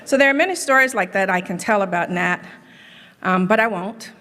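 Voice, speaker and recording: A woman's voice: medium pitch, brisk, sharp tone. A middle-aged woman giving a humorous tribute speech, telling stories with dry running jokes in a large event hall. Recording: reverberant hall.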